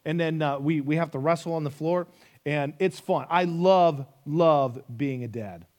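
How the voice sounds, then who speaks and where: A man's voice: fairly high pitch, measured pace, a little mellow. A man in his thirties preaching a sermon, emphatic, repeating key phrases and asking rhetorical questions. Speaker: pastor.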